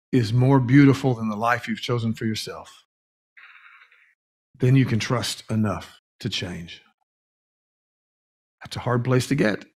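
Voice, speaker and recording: Male pastor, earnest sermon delivery, slow emphasis on key words, average pitch. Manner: earnest, with stretched emphatic words and brief restarts. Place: church sanctuary.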